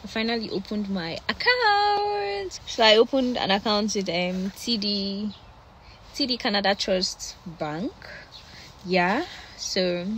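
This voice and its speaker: A woman's voice: mid-range voice, animated, slow pace, a bit bright, a little hiss or hum. A young woman with a Nigerian accent, chatting casually to her phone camera outdoors in the cold, with lots of fillers and laughs. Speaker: vlogger. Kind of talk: casual vlog chat.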